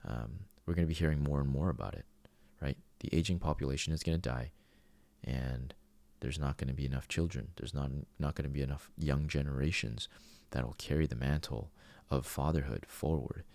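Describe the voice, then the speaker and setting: A man in his thirties with a very deep voice and a rough, gravelly edge, recorded close and dry. He talks earnestly in a loose monologue and often stops to restart his sentences. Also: brisk, a little mellow, no echo. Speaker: podcast host. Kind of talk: casual spoken monologue.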